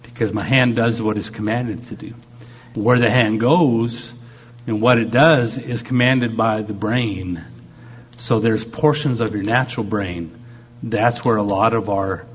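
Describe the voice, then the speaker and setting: A man's voice: fairly low pitch, slightly rough. A man preaching a sermon. He talks animatedly and acts out God speaking in short quoted lines. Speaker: pastor.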